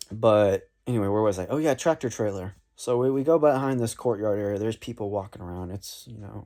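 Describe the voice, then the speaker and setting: A man's voice: on the low side, mellow. A young man from North Florida, telling a rambling, laid-back story about playing saxophone. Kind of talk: casual storytelling vlog.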